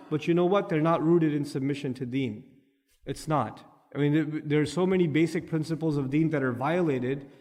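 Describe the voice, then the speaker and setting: A man with a somewhat high voice delivers a scripture lecture, explaining Arabic words and pressing his points with growing passion. His voice carries a long reverb, as if he is speaking in a large hall. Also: darkish tone. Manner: explains Arabic terms, grows impassioned. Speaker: Quran teacher. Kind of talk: tafsir lecture.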